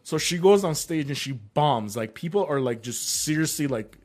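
A man's voice: a little high, moderate pace. A young man, a comedian guest, telling a story in casual chat, filling his talk with "bro" and "like". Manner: animated, says "bro" and "like" constantly.

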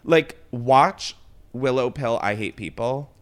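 A man's voice: mid-range voice, slow. A man hosting a casual chat, telling a story with lots of swearing and laughter. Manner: animated storyteller, swears freely, laughs often. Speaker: podcast host.

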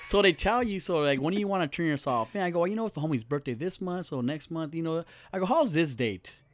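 A man's voice: on the high side, expressive, fast. A young man hosting a podcast, chatting casually, joking and swearing freely in a small studio. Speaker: podcast host.

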